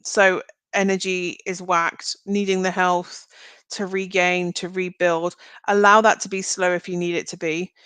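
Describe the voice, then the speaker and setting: A woman's voice: on the low side, level tone, measured pace, a bit bright, clear, resonant tone, no room sound. Chatty woman giving live tarot readings. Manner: chatty and meandering, thinking aloud; reassuring, speaks straight to viewers. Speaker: tarot reader. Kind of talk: live-streamed card reading.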